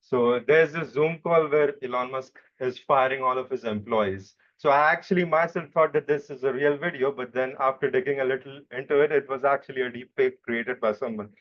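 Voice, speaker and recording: Young man, interview guest, relaxed explaining, frequent restarts, muffled lo-fi sound. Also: medium pitch, a little fast, few pauses. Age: young adult. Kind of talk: casual chat. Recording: dull lo-fi microphone.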